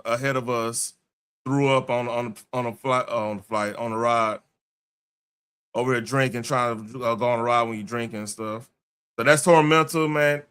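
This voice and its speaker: A man's voice: medium pitch, pushed and bright, smooth. A man hosting a casual podcast, chatting loosely with slangy phrasing and frequent restarts. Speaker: podcast host. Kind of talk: casual chat.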